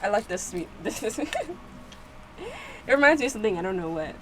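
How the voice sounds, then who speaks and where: A woman giving casual reaction commentary, reading subtitles aloud and excitedly repeating herself. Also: medium pitch, a little fast, a little hiss or hum. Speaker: video reactor.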